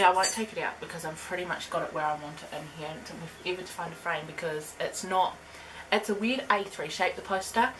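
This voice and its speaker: A young woman telling a fan story in a casual bedroom vlog, excitable and gushing, with giggles and drops to a whisper. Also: lowish voice, noisy background. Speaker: vlogger.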